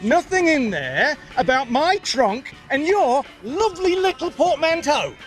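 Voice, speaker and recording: A brash, quarrelsome English racing driver. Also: male voice, very high voice, big pitch swings, unhurried, faint music behind, full character voice. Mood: heated. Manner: brash, cursing, argumentative. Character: hot-tempered blunt British racing driver.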